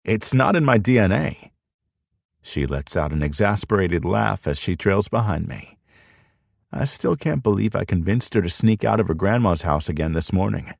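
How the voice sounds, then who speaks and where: A man's voice: deep voice, animated, normal speed, gravelly, darkish tone, no room sound. A man narrating an audiobook in first person, with a reflective, tender storytelling manner.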